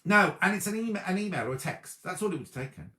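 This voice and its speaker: Guy hosting a sewing live chat, bit higher voice, bouncy delivery, echoey room. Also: fast. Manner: chatty, lively, reacts to live comments. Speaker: host of a sewing livestream. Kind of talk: casual chat reading viewer comments. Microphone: laptop or tablet on a video stream.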